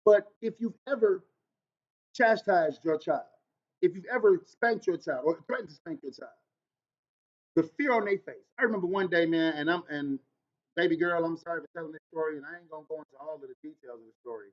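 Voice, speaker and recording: High-voiced man hosting a podcast. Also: fairly quick, lo-fi sound. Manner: storytelling, wide swings in loudness and pitch; uses Black American vernacular. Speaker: podcast host. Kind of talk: casual solo podcast monologue.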